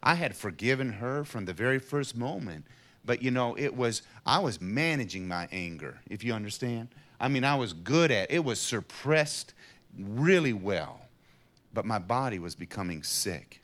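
A middle-aged man earnestly telling a personal faith testimony in an interview, dropping to a hush and then rising to emphatic passages. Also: mid-range voice, animated, normal speed. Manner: earnest storyteller, swings from hushed to emphatic. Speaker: guest sharing a personal testimony.

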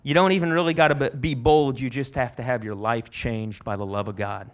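A man's voice: mid-range voice, fairly even intonation, fairly quick. A man preaching a sermon at a conference, telling stories in a conversational way, with frequent restarts. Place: conference hall.

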